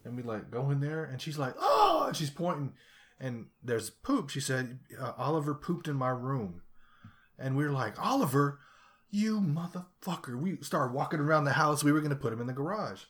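A man casually telling a profane, animated story in a chat, laughing along as he goes. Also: medium pitch, moderate pace.

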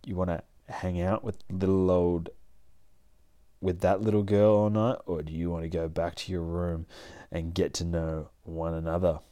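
A man voicing a predatory woman in leather with a low, purring come-on. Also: flat delivery, moderate pace, warm tone, natural voice. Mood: seductive.

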